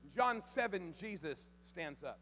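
A pastor preaching a sermon in a church, swinging from hushed storytelling to loud preaching. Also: male voice, high voice, lively intonation, measured pace. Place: church sanctuary. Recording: long hall reverb, faint mains hum.

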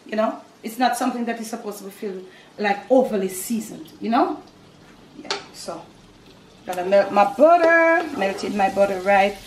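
Older Jamaican woman, cooking-show host, homely chatty delivery, mid pitch, faint kitchen noise behind. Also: normal speed. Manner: chatty, homely, explains as she works. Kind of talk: home cooking demonstration. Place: home kitchen.

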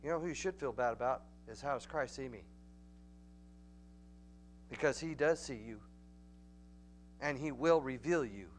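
A man with a Texan accent preaching a Bible study in a church, folksy and emphatic, building to loud, urgent peaks. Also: mid-range voice, moderate pace, pauses often, a little hiss or hum. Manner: folksy, emphatic, rising to near-shouting peaks. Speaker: pastor. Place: church sanctuary.

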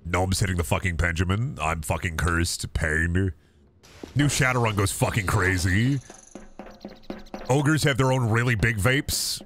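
A man's voice: low voice, measured pace, fairly bright tone, slight background noise. A man streaming a game, rambling and joking with heavy swearing. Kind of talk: casual stream commentary.

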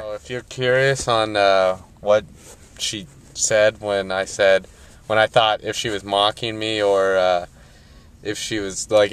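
Young man, low smooth voice, rambling profane vlog rant. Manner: rambling, profane, jumps around in the story. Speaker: vlogger. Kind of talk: casual rant to camera.

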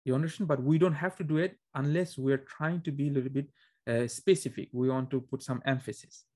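A man's voice: mid-range voice, a little fast, mellow. A man teaching a beginner Arabic class, explaining conversationally and checking understanding with frequent questions to students. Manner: frequent restarts and fillers, conversational. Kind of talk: classroom lecture.

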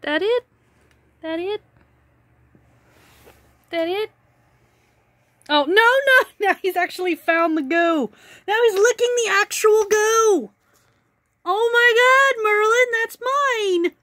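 A woman's voice: very high-pitched, slow, long pauses, sharp tone, no room sound, studio quality. A woman talking casually to her cat at home, playful and teasing, laughing often. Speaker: pet vlogger.

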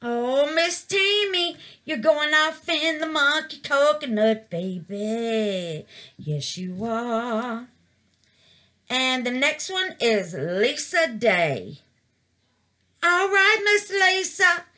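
A woman's voice: fairly high pitch, expressive, drawn-out words, pushed and bright. A woman gushing over her resin craft in a casual vlog, calling her viewers baby and y'all.

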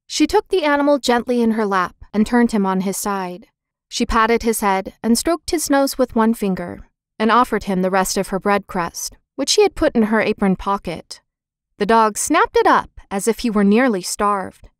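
Reading a scripted children's book, a woman narrates aloud in a clear, expressive way at an even middle pitch and moderate pace. The audiobook recording is dry and close, with no room sound.

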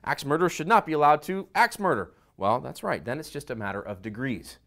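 A middle-aged man, a pastor, preaching a sermon that swings between quiet asides and loud emphasis. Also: on the high side, big pitch swings, fairly quick.

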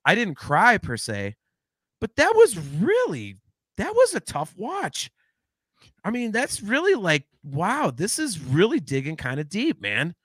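A man co-hosting a podcast in casual chat, talking in an animated, rambling way with lots of restarts and swearing. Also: high-pitched, measured pace, no echo, studio quality. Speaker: podcast co-host.

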